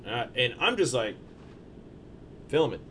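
A man's voice: mid-range voice, big pitch swings, unhurried, fairly bright tone, a little hiss or hum. A young man telling a rambling, profanity-laden story in casual podcast chat, with lots of fillers and restarts.

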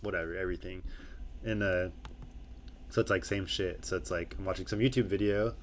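A man's voice: sits low, steady tone, fairly quick, a little hiss or hum. A young man co-hosting a podcast, chatting casually and profanely in a loose, rambling way. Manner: rambling, loose, puts on loud mocking voices when quoting people. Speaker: podcast co-host.

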